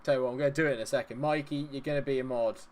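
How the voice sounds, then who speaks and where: A young man streams a game and keeps up a running, jokey chat with his viewers. His voice sits at an average pitch, and he laughs easily between remarks. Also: steady tone, rapid-fire, a little mellow. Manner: chatty, jokey, laughs often, talks to chat.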